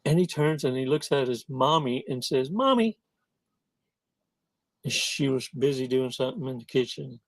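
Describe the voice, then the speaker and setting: A man's voice: mid-range voice, level tone, a little fast, gravelly, few pauses, dry recording. A man hosting a casual monologue in a folksy, slangy manner, stretching words out for emphasis. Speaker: host.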